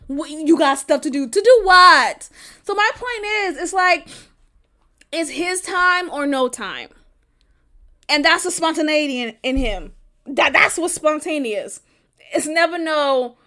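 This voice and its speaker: A woman's voice: high-pitched, unhurried, bright, forceful tone. A woman hosting a podcast, talking casually and bluntly about her own life, swearing freely and laughing often. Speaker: podcast host. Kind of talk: casual venting monologue.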